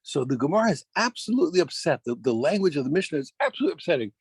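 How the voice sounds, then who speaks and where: A man teaching a daf yomi Talmud class, animated, restarting phrases and quizzing his students. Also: on the high side, racing, slight background noise.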